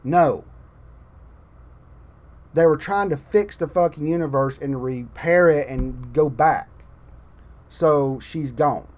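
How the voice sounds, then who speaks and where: A man ranting about a film in casual online commentary, swearing often and swinging between loud outbursts and muttered asides. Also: on the high side, unhurried. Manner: profane, exasperated ranting; animated, swings loud and soft. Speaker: channel host.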